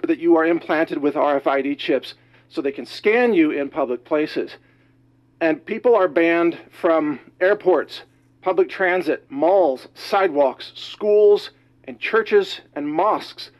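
A man delivering an urgent, alarmed news monologue, slightly out of breath, talking rapidly and emphatically. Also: on the high side, poor audio. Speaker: news commentator.

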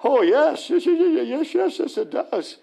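Guy putting on a stuttery old rabbi, way higher than his normal voice, keeps repeating himself. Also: measured pace, creaky, full character voice. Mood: excited. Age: older. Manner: stuttering, repeating words excitedly. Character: old bearded rabbi, stammering and overwhelmed.

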